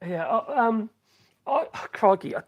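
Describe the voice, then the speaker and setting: A man's voice: high-pitched, lively intonation, a little slow. A man chatting casually on a woodworking live stream, rambling, correcting himself and humming between thoughts. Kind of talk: casual live-stream chat while working.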